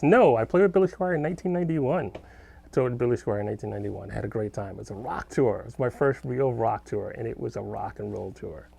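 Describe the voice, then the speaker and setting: Middle-aged guitar guy, gravelly voice, rambling through viewer comments on a live stream from his home studio. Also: mid-range voice, quick pace, darkish tone. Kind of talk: casual live-stream chat.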